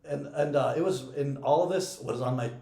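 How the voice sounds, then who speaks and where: In an echoey room, a young man co-hosting a podcast casually tells a story, swearing and laughing often. His medium-pitched voice is gravelly yet mellow, and he talks briskly.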